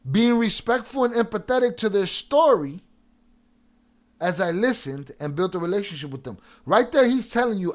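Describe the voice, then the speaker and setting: A man with a slightly high voice hosts a livestream. He argues with the chat in a profane, confrontational way and calls out viewers by name. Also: very animated, moderate pace, darkish tone. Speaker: livestream reaction host.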